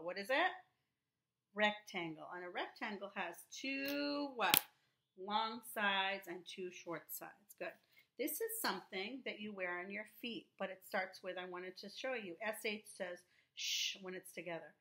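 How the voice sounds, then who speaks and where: A woman teaching young children, sounding out words slowly and repeating them in a sing-song way. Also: mid-range voice, expressive, sharp tone, echoey room. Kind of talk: remote lesson for young children.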